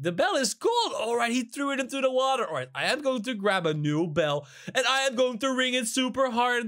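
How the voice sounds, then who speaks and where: Man, gaming host, high voice, bright edge, gleeful, teasing, cartoonish narration. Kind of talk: excited gameplay narration.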